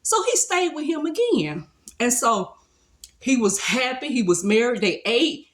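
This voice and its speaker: Retelling a Bible story in an easygoing, colloquial way, this woman gives a casual devotional talk. Her voice sits a little high, and she's very animated yet unhurried.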